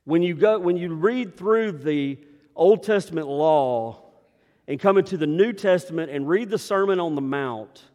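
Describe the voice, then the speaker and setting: A man preaching a sermon as pastor, swinging between emphatic rises and hushed, quiet drops. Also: fairly high pitch, animated, measured pace, lo-fi sound. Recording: long reverb of a large hall.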